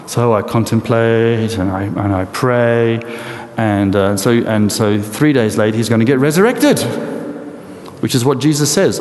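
A man preaching a sermon in a lively, animated storytelling way with rhetorical questions, in a large hall or church. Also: medium pitch, measured pace. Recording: echoey hall with long reverb and faint noise.

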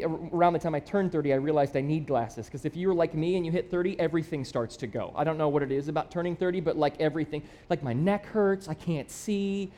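A man's voice: a little high, mellow. A man in his thirties, a pastor, preaching a conversational sermon with personal stories and emphatic appeals. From Michigan. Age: 30s. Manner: storytelling, conversational and self-deprecating; builds to emphatic, rising appeals.

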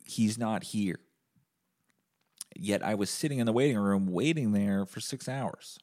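A man hosting a podcast, telling a comedic story as a deadpan, profane rant and acting out both sides of the argument himself. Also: lowish voice, normal speed. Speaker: podcast host.

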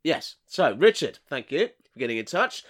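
A man banters on a comedy podcast and reads listener letters aloud, sweary and teasing. His voice sits a bit high and moves in lively swings. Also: normal speed. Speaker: podcast co-host.

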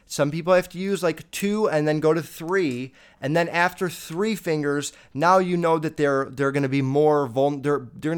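A man's voice: a little high, clean tone. A young man hosting a podcast, answering listener questions in a crude, rambling way with lots of swearing. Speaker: podcast host.

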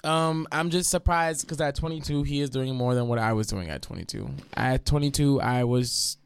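A woman's voice: extremely low pitch, moderate pace, smooth, dry recording. A woman, hosting a casual radio chat show with loose, joking, profane talk and slightly congested sinuses. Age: 20s. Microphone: studio mic.

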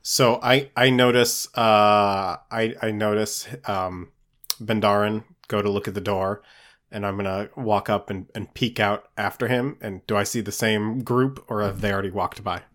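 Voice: low voice, steady tone, normal speed, a bit bright. A player in a tabletop game, hesitant and restarting sentences.

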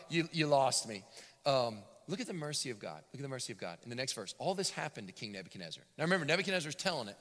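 A man preaching a sermon as a pastor, animated and dramatic yet conversational. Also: mid-range voice, racing. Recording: long hall reverb.

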